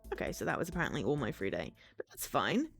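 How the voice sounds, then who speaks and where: A woman streamer giving chatty, animated let's-play commentary and reading game text aloud. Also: extremely low pitch, quick pace, gravelly, soft background music. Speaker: streamer playing a visual novel.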